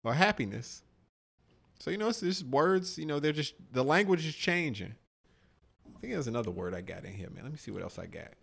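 Rambling animated man chatting on a podcast. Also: medium pitch, brisk, vocal fry, breathy edge. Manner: rambling, loose and profane, lots of "like" and "man". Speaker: podcast co-host. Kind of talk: casual chat.

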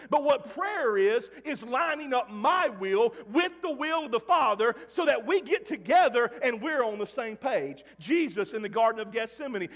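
A pastor in his forties from Mississippi preaching a sermon, dropping to a hush and then shouting at the peaks. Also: very high voice. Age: 40s. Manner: swings between hushed and loud, shouting at peaks. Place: church sanctuary. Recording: long church reverb.

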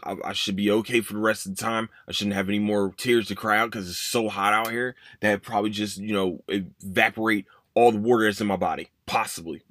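A lowish, fairly bright voice comes from a young podcast host who talks a little fast with hardly any pauses and fairly even intonation, in a recording without room sound. His casual story rambles as he curses, apologizes for it, and speaks his past thoughts aloud.

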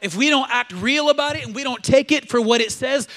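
A man's voice: very high voice, fairly quick, pushed and bright. A male pastor preaching a sermon at a church service, emphatic and exhortative, leading the congregation in call-and-response.

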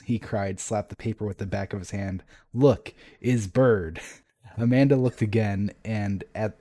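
A man with a low, mellow voice retells a story in a casual podcast chat. He talks animatedly, laughs often and restarts his sentences. His voice sounds dry and close to the mic. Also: no echo. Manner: animated, laughs often, quick restarts, quotes characters in an everyday voice.

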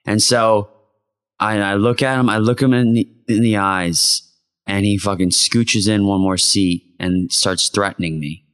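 A man's voice: fairly even intonation, measured pace, a bit bright. A young man co-hosting a podcast, telling stories in casual chat and swearing freely. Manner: swears a lot, tells stories in a low drawl. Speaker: podcast co-host.

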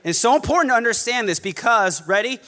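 A man preaching a sermon, animated, mocking snobby voices now and then. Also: very high voice, fast, long reverb tail. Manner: animated, mocks snobby voices in quoted asides. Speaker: pastor.

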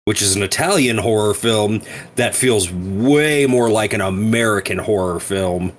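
A man with a lowish voice co-hosts a podcast in easygoing casual chat, explaining things at an unhurried pace and laughing easily. He sounds relaxed and friendly. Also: slight background noise. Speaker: podcast co-host.

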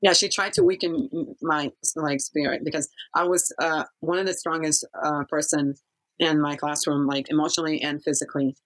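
Halting woman recounting her past. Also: deep voice, fairly even intonation, poor audio. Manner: halting, with many fillers and restarts. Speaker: guest. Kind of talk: personal storytelling in an interview.

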